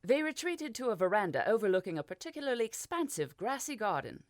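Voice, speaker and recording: A woman narrating a fantasy audiobook in an expressive storytelling manner. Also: fairly high pitch, fast, no echo, clean studio sound.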